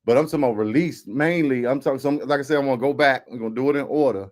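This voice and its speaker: A man hosts an online radio show in an easygoing, casual way. He greets listeners and rambles a little with fillers as he sets up the discussion. His voice sits in an ordinary middle pitch. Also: very fast.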